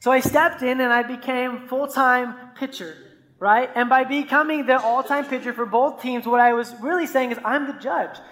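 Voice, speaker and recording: A male pastor giving a sermon in a relaxed, conversational way, telling stories and often checking in with the listeners. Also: very high-pitched, moderate pace. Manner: conversational preaching with stories, frequent "right?". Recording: echoey hall reverb.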